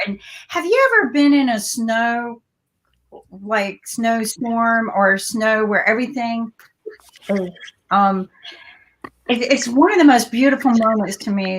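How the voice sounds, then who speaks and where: A woman's voice: fairly high pitch, fairly bright tone, rough recording. Reflective female co-host. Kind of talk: casual live talk show chat.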